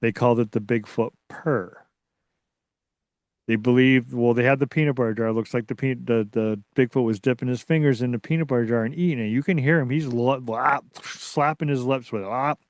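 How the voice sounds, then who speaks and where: Man, podcast guest, excitable, rambling, middle pitch, dry close recording. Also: a little fast, few pauses, no room sound. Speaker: guest, Bigfoot researcher. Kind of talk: casual storytelling interview.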